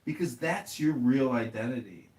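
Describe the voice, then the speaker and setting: A man in casual chat, telling profane, animated stories as the host. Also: mid-range voice, normal speed, far from the mic. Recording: roomy echo.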